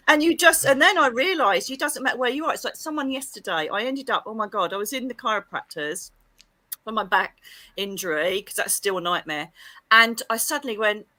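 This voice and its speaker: A middle-aged woman, a psychic medium, talking in a chatty, animated way full of exclamations on a livestream. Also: a little high, fairly quick, no echo. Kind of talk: casual livestream chat.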